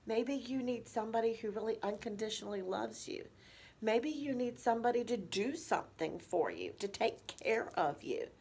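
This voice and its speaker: A woman, a nurse and educator teaching caregivers in a measured way with slow, emphatic pauses. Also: on the high side, animated, creaky, darkish tone, husky.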